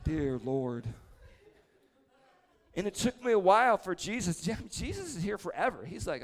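Gravelly, upbeat preaching man. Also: high-pitched, big pitch swings, normal speed, long pauses. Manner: chatty, self-deprecating, humorous anecdotes. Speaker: prayer leader preaching. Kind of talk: storytelling sermon. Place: church service before a congregation.

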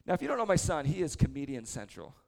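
A man's voice: on the high side, sing-song, fast talker, gravelly, darkish tone. A man in his forties preaching a sermon to a church congregation, telling chatty, self-deprecating stories with humor. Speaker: prayer leader preaching. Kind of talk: storytelling sermon. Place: church service before a congregation.

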